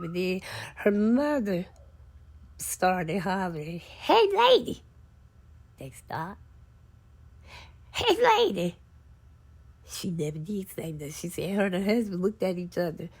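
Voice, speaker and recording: A woman's voice: on the low side, dark tone, breathy edge. A woman, a vlogger telling heartfelt family stories to camera in a casual, folksy way. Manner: heartfelt, folksy, unhurried storytelling. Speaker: vlogger and author.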